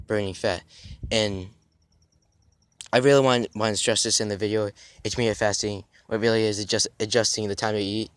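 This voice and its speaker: Young man, lowish voice, halting rambling vlog talk, outdoors. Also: fairly bright tone, clean tone, no room sound. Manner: halting, restarts often, drifts off topic. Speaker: fitness YouTuber.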